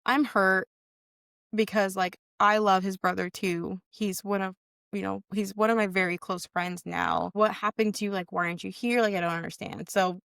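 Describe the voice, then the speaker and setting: Gravelly young woman telling a story. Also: mid-range voice, steady tone, moderate pace, a bit bright, no echo, clean studio sound. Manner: candid, heavy swearing, acts out quoted lines. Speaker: podcast guest. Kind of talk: casual storytelling chat.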